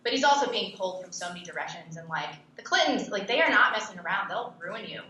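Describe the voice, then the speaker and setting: A woman's voice: mid-range voice, lively intonation, quick pace. A young adult woman answering interview questions in a blunt, scornful way. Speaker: podcast host and interview guest. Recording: echoey room with faint noise.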